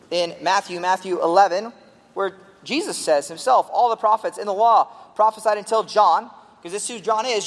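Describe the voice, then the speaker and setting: A man's voice: high-pitched, big-room sound. A man preaching an expository sermon as pastor, earnestly teaching through a passage and leaning hard on key words.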